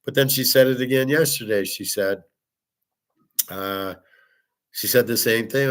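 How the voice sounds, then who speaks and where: A man's voice: mid-range voice, measured pace, long pauses, a bit bright. A middle-aged man hosting a casual monologue, telling a personal story in a blunt, profane way. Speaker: host.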